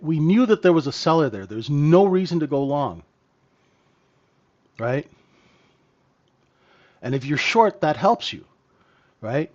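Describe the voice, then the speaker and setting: A man with a slightly high, slightly mellow voice teaches live in a trading room as a mentor. He's blunt and emphatic, punctuating sentences with "right?", and the stream audio sounds dull and lo-fi.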